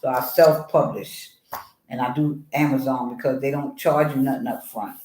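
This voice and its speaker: Animated woman telling her story, roomy sound. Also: a bass voice, normal speed, slight background noise. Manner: expressive, acts out voices in her story. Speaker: author guest.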